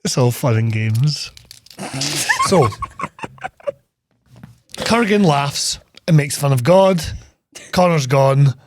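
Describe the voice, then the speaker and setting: A man's voice: a little high, animated, takes it slowly, pauses often, a little hiss or hum. A young Scottish man co-hosting a podcast, recapping a film in casual chat, joking, swearing freely and laughing often. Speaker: podcast co-host.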